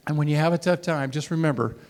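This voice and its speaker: A middle-aged man giving a playful, animated motivational talk to sales trainees, acting out scenes with silly voices. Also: a little high, fast talker, long reverb tail. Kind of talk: animated storytelling talk to a live audience. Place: large hall before a college audience.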